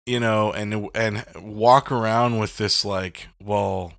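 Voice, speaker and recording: A man's voice: on the low side, steady tone, slow, a bit bright, dry recording, clean studio sound. A man in a casual faith chat, talking bluntly and heatedly with lots of swearing and fillers. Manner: blunt, profane and heated, rambling with many fillers.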